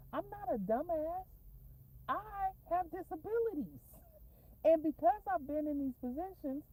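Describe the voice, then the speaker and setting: A woman's voice: sits high, warm tone, poor audio. A woman talking casually in a rambling, profane storytime vlog, going off on tangents and laughing often. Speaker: vlogger. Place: in a parked car.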